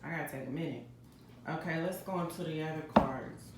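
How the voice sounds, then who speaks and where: A woman's voice: deep voice, fairly quick, heavy background noise. A woman tarot reader giving a casual, dramatic psychic reading at home, talking straight to her viewers. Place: home kitchen. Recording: roomy home echo.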